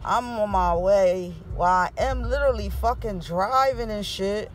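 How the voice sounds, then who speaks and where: A woman's voice: mid-range voice, a little slow, slight background noise. A woman from Philadelphia recording a raw, grieving vlog from her car, with heavy swearing. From Philadelphia, USA. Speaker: vlogger. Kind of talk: emotional selfie vlog.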